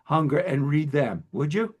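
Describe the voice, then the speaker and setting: A man from Long Island hosting an interview in a chatty, self-deprecating way, quick to laugh. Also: on the high side, big pitch swings, breathy edge. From Long Island, United States. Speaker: host. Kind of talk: conversational interview.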